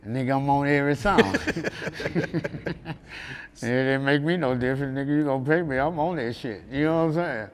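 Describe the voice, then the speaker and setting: A rapper guest from Memphis, USA, talks in a mid-range voice at normal speed, leaving long pauses as he tells stories in a casual interview inside a large hall. His Southern accent comes through, and he is loose and laughing, often asking "you know what I'm saying".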